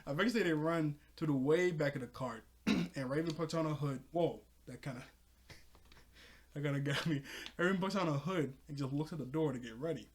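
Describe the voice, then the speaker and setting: Male reviewer, slightly higher voice, loose excitable episode recap with frequent laughs. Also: moderate pace. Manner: excitable, laughs often, talks to the viewer. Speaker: cartoon reviewer.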